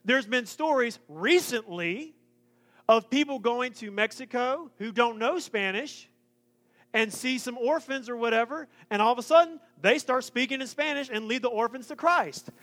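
A man preaching a sermon, joking and lively in his asides. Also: very high voice, moderate pace. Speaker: pastor.

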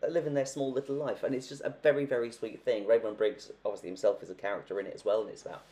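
Low-voiced man chatting about books. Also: steady tone, racing, mellow. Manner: chatty, acts out quoted characters. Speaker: podcast co-host. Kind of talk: casual book chat.

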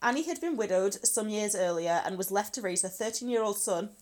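Her medium-pitched voice is expressive, brisk and darkish in tone. This Scotland-based podcast co-host tells a true crime story chattily, cursing freely and laughing a lot.

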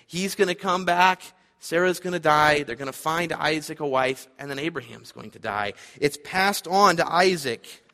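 A man's voice: fairly high pitch, normal speed, bright, forceful tone, big-room sound. A man preaching a sermon, earnest and emphatic, repeating his key points. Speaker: pastor.

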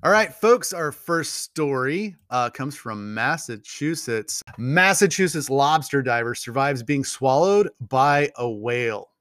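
A man's voice: mid-range voice, expressive, a little slow, few pauses, fairly bright tone, no echo. Man, podcast host, rambling, profane, joking, dry close sound. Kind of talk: casual news commentary.

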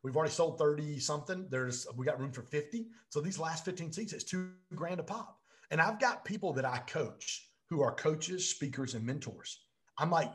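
A man tells his story with fierce, emphatic energy and keeps repeating himself for effect. His voice sits a little high for a man. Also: animated, brisk. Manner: intense, emphatic, repeats phrases. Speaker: guest, real estate business coach.

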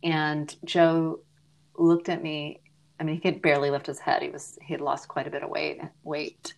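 Her voice sits low, gravelly and monotone, moving at a moderate pace. As a podcast guest and grief advocate, this middle-aged woman earnestly reflects on a personal story, occasionally falling to a near-whisper.

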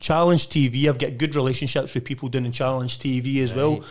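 A man's voice: mid-range voice, fairly even intonation, fast talker. A middle-aged man with a Scottish accent, a podcast guest swearing and chuckling his way through stories in casual chat.

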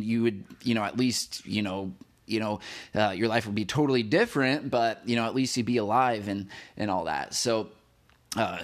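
A man hosting a devotional podcast, talking casually to the listener in a rambling way, with many fillers and restarts. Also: on the low side. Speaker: podcast host.

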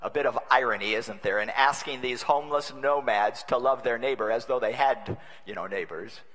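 A man preaching a sermon as a bishop, wry and humorous, swinging between loud and hushed delivery. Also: medium pitch, normal speed. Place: large conference hall. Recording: long reverb of a large conference hall.

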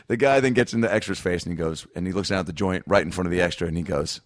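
A man's voice: low-pitched, fast, hardly any pauses, dry recording. Thirties man, podcast guest; rowdy anecdote teller who acts out the voices of the people in his story, dry close mic. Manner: acts out voices in quoted dialogue, swears, laughs a lot. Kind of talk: animated storytelling.

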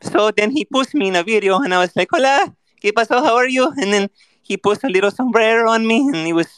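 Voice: mid-range voice, animated, fast, a bit bright, clean tone, dry recording. A guest doing a drowsy, drawling character voice on a live stream. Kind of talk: casual chat in a put-on character voice.

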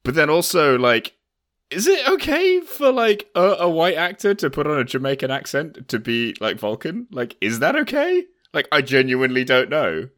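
Young male co-host, animated and bright, low voice with a wide range, chatty and filler-heavy. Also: normal speed. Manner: animated, laughs often, lots of fillers. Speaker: podcast co-host. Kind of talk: casual chat.

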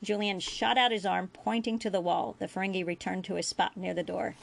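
A woman reading fan fiction aloud as a storyteller, with a steady pace and small slips. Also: mid-range voice, brisk, vocal fry. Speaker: audiobook reader.

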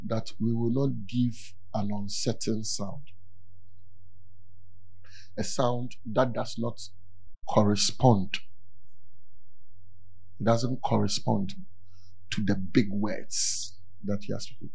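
A man preaching a sermon in an animated way, repeating key words and rising to near-shouts for emphasis. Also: lowish voice, slow, gravelly, pauses often, husky.

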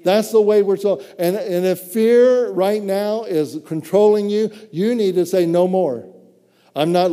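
A man's voice: high voice, warm tone, long reverb tail. A man preaching a sermon with fervent, frequent cries of praise between phrases.

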